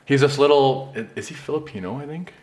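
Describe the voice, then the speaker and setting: A man's voice: mid-range voice, fast talker, a little mellow. A young man co-hosting a podcast in casual chat, joking and spinning silly made-up scenarios. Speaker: podcast co-host.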